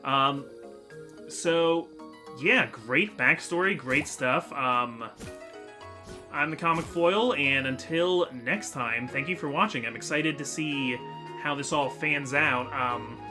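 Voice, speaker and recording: A man's voice: fairly high pitch, slow, music in the background. A man hosting a let's play, chatting casually and rambling with lots of fillers and restarts. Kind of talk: casual gameplay commentary.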